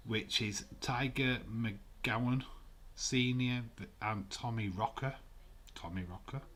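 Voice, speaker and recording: Slow-talking man, low voice. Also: fairly bright tone. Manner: rambling, swears freely, reads viewer comments aloud. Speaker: live stream host. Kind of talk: casual watch-along chat.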